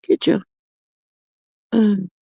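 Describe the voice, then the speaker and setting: With drawn-out words, a livestream host works through viewer comments, reacting sassily and addressing people as child and honey in an animated manner. The audio is dull, with no room sound.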